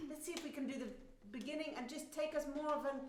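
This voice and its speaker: A British woman coaching a flute student in a masterclass, expressive and singing phrases to demonstrate. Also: high voice, quick pace, a little hiss or hum. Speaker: flute teacher. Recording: echoey hall.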